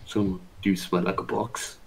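A man playing a tabletop game in character, gruff and suspicious. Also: low-pitched, fairly even intonation, moderate pace, poor audio. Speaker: player.

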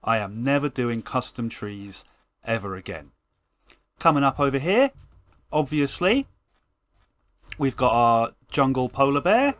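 A man's voice: mid-range voice, very animated, unhurried, pauses often, a bit bright, no room sound. A man giving a comedic, scripted tour of a video game build, playful and wry with self-mocking asides.

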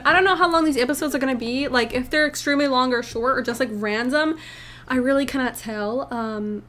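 Bright-voiced young woman narrating her gameplay. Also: high-pitched, fairly quick. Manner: chatty, rambling and upbeat, reacting aloud to the game. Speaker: gaming channel host. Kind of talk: casual let's play commentary. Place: her room at home.

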